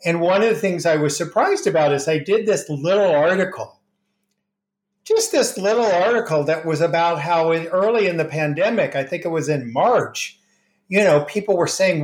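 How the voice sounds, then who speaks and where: Male author guest, slightly high voice, animated anecdotes, recorded in an echoey room. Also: normal speed. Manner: animated anecdotes, acts out quoted dialogue. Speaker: grief expert and author. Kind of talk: interview conversation, storytelling.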